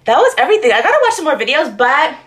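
A woman's voice: sits high, big pitch swings, rapid-fire, fairly bright tone. A young adult woman hosting a reaction vlog, bubbly and slangy, with "like" in nearly every sentence. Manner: bubbly, slangy, says "like" constantly. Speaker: YouTube reactor. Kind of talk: excited reaction vlog chat.

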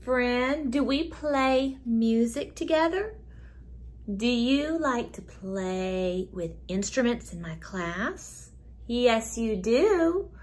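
A preschool music teacher, a woman, talking playfully to young children in a gentle sing-song way, often repeating her words. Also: high voice.

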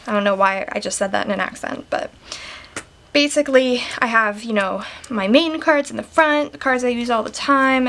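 A fairly high-pitched woman talks through a casual show-and-tell of her stationery setup. Her delivery is chatty and enthusiastic, with frequent "like" fillers. There is a faint hiss beneath her voice. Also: a bit bright. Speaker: stationery and planner vlogger.

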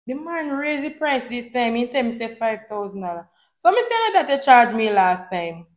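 A Jamaican woman telling a vacation story in a casual vlog, switching between patois and English with an animated delivery. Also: a little high, normal speed, reverberant. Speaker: vlogger.

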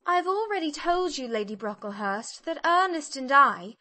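A woman's voice: high voice, very animated, moderate pace, pushed and bright, exaggerated voice. A woman playing a gushing young society lady.

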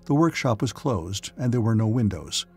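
Man narrating an audiobook, husky voice, dramatic, faint music behind. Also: fairly low pitch, very animated, normal speed, darkish tone. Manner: dramatic storytelling.

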